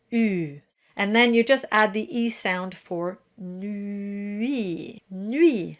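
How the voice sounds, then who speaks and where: A woman giving a pronunciation lesson for singers, demonstrating each sound slowly and precisely. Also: medium pitch, a bit bright. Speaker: diction teacher. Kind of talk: pronunciation tutorial.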